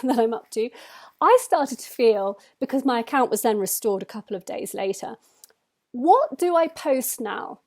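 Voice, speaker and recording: Woman writer, reflective monologue, slightly higher voice, measured with frequent pauses. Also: darkish tone. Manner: thoughtful, measured, frequent hesitations. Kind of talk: spoken personal reflection.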